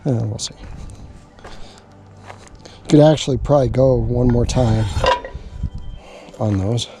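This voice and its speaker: A man's voice: medium pitch, takes it slowly, background noise. A man talking casually outdoors as he cooks for his vlog, chatty and jokey, talking to himself as he works. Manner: chatty, jokey, talks to himself while working. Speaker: outdoor cooking vlogger. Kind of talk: casual cooking vlog chat. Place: outdoors at a camp cooking spot.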